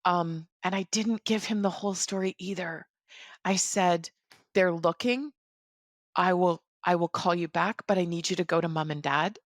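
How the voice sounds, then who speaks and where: A woman in her forties, a podcast guest, recounting a personal story in a measured, reflective way. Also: fairly low pitch, no room sound, studio quality.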